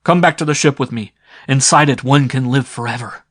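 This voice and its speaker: A man's voice: mid-range voice, brisk, a bit bright, no echo, studio quality, pitched above the performer's own voice, lightly acted. A man voicing an earnest, determined young man in an audiobook. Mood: pleading.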